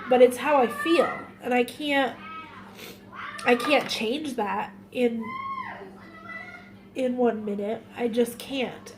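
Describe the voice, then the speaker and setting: A woman vlogger speaking in an emotional, halting way, tearful and often repeating herself in a confessional vlog. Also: fairly high pitch, darkish tone, slight background noise.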